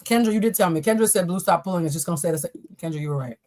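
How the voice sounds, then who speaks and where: A woman's voice: on the low side, rapid-fire, dark tone. A young woman reading tarot on a live stream, chatting to viewers with casual, profane jokes and asides. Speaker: tarot reader.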